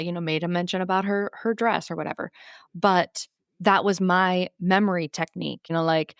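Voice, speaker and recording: A woman co-hosting a podcast, explaining tips in a relaxed way and laughing easily. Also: fairly low pitch, clean tone, no room sound, clean studio sound. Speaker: podcast co-host. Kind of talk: casual chat.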